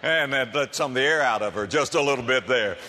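A man's voice: mid-range voice, a little fast, sharp tone. A man preaching a sermon in a folksy storytelling manner, with humor, addressing listeners as friends. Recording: reverberant hall.

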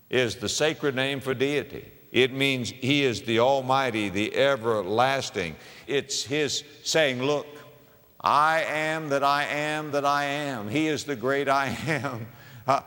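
Dramatic male preacher in a reverberant hall. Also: mid-range voice. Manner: dramatic swings from hushed to shouting, repeats phrases. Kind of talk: sermon.

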